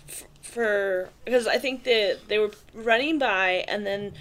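A woman chats casually on a podcast, giggling her way through the anecdotes she tells. Her mid-range voice is a bit bright and a little slow.

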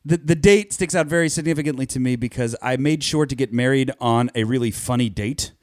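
A man's voice: medium pitch, a little fast, a little mellow, no echo, clean studio sound. A man co-hosting a casual podcast quiz, hesitant and laughing often, with swearing. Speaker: podcast co-host, quiz contestant. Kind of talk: casual chat.

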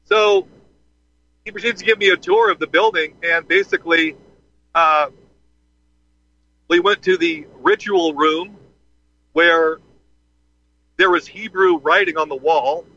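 A man's voice: a little high, measured pace, long pauses, bright, forceful tone. A man hosting a show, telling a rambling personal story in a casual way, full of fillers and restarts, over a dull, lo-fi line. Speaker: podcast host. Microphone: phone call from underground.

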